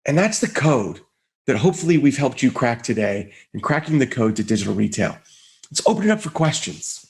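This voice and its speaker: A man giving a conference keynote, telling an animated story and acting out the voices of the people in it. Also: a little fast. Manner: animated, high-energy storytelling with acted-out quotes. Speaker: conference speaker.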